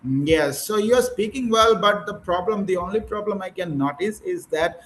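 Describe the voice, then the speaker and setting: Guy, kinda high voice, coaching teachers on a call, lots of uhs and mms. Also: expressive, moderate pace, few pauses, fairly bright tone, rough recording. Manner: encouraging, corrective, many fillers. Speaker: English teacher trainer. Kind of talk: online training session, coaching teachers.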